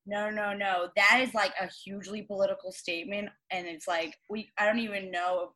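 A woman co-hosting a podcast, excitable and jokey with quick quips. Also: mid-range voice, a crowd in the background. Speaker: podcast co-host. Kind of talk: casual podcast chat.

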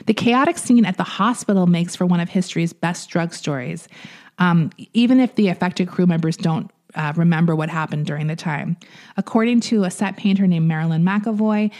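A woman with a fairly low voice hosts a chatty podcast and walks a listener through a story she read. She talks it through plainly, with small hesitations and restarts. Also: a little fast, a little mellow. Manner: retells a story from a book in a conversational, hesitant way. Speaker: podcast host. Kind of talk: casual storytelling chat.

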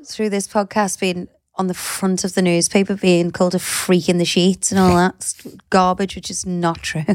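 A woman's voice: on the low side, little pitch movement, normal speed, no echo. Chatty Liverpool woman co-hosting. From Liverpool, England. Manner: chatty, teasing, sprinkles in "you know" and "like". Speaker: podcast co-host. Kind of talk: casual chat.

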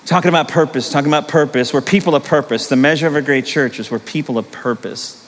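A pastor with a fairly high voice speaks fast in a large church sanctuary, telling personal stories before rising into emphatic exhortation. The long hall reverb comes with a little hiss or hum.

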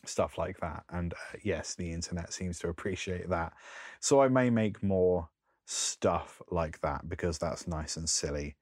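A man with a very low voice chats loosely on a podcast, filling gaps with ums and little laughs. He is recorded close on a microphone in a dry, dead room. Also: unhurried, no room sound. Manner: rambling, lists things with frequent ums and laughs. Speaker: podcast co-host. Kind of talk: casual chat.

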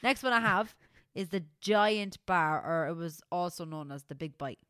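A woman's voice: fairly low pitch, lively intonation, normal speed, fairly bright tone, clear, resonant tone, dry recording, studio quality. An Irish woman co-hosting a podcast, chatting casually, giggling and bantering back. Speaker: podcast co-host. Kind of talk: casual chat.

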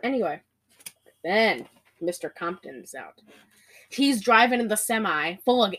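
A young woman chatting casually, recapping a movie in quick, giggly bursts with lots of laughter. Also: medium pitch. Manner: giggly, rapid-fire, animated storytelling.

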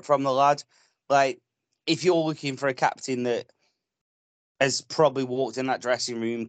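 An on-man on a football podcast, blunt and passionate and swearing freely as he rates the players. His mid-pitched voice sounds close and dry, with no room around it. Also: dry recording. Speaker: podcast co-host. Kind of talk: casual football podcast chat.

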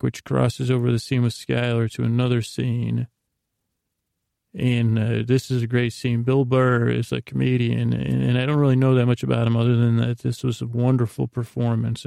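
A man hosting a sleep podcast, who retells a TV episode in a slow, meandering way with lots of fillers. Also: medium pitch, gravelly, warm tone, no echo, studio quality. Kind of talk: rambling episode recap.

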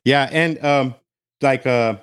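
A man's voice: medium pitch, takes it slowly, smooth, no echo, studio quality. A man from Glendale, California, chatting loosely as a guest DJ, full of fillers and casual swearing. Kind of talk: casual podcast chat.

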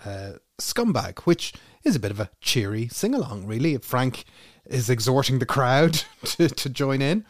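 A man's voice: medium pitch, lively intonation, a little slow, dry recording, clean studio sound. A man co-hosting a podcast, chatting casually and musing his way wryly through his points. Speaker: podcast co-host. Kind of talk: casual chat.

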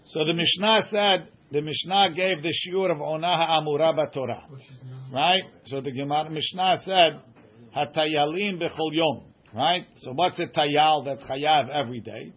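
A man teaching a small study group reads aloud and translates each line as he goes. He often asks "right?" and his voice sits a little high. The recording sounds dull and lo-fi. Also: normal speed. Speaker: Talmud teacher.

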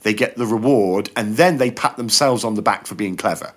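A man, a comedian, talks as a guest on a podcast. He tells his stories with energy and acts out the quoted lines in changing voices. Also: a little fast. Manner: animated, acts out quotes with shifting pitch. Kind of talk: casual podcast chat, storytelling.

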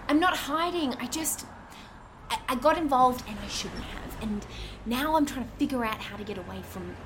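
A woman's voice: on the high side, animated, moderate pace, background noise, close to an everyday voice. An actress playing a nervous, stammering young woman who is on the run and scared. Music plays behind her. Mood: anxious. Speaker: frightened stranger.

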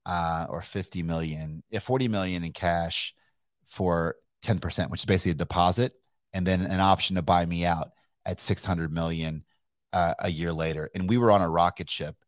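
Middle-aged man from Kentucky, very low voice, dry close sound; animated, profane storyteller full of restarts. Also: no echo. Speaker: guest entrepreneur. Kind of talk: casual storytelling interview.

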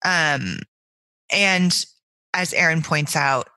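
A woman's voice: deep voice, very slow, gravelly, sharp tone, dry recording. A woman co-hosting a book-club podcast, talking in a reflective way and searching for her words. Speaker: podcast co-host. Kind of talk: thoughtful book-club discussion.

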